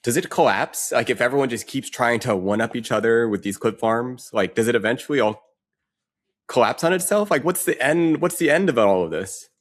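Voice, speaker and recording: A man's voice: mid-range voice, animated, brisk. A man on a podcast, asking questions and reflecting in a casual tone.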